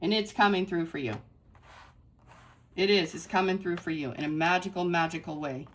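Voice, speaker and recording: A woman's voice: on the low side, moderate pace, a little hiss or hum. A woman giving a casual spiritual tarot reading to her viewers, effusive and emphatic, repeating phrases for stress. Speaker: tarot reader.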